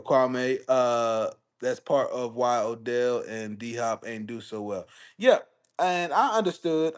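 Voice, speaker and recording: A man's voice: mid-range voice, clean tone. A young man, hosting a live stream. He talks casually about football, swears freely, and rambles through repeated phrases as he reacts to his chat.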